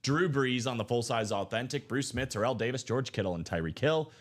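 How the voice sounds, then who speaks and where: A man's voice: mid-range voice, animated. A man hosting a live sports card break stream, rattling off lists in hyped, chatty sales patter. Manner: rapid listing, hyped and chatty.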